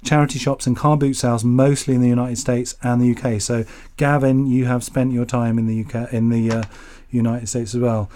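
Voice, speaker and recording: A man's voice: medium pitch, little pitch movement, a little fast, hardly any pauses, warm tone. A man from Yorkshire co-hosting a casual radio show, rambling and joking as he reads out listener mail. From Yorkshire, England. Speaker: radio co-host.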